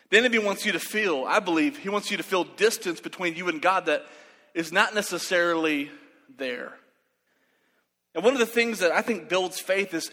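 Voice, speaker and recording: Man, preacher, bright forceful voice, animated storytelling, echoing hall. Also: sits high. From West Texas. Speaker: pastor. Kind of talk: sermon with storytelling. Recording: reverberant hall.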